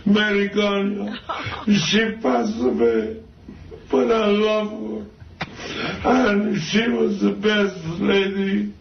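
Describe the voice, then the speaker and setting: Gravelly older man in broken English. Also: high voice, slow, roomy sound, recorded from a distance, dull audio, a little hiss or hum. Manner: broken English, emotional, laughing. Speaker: interview guest.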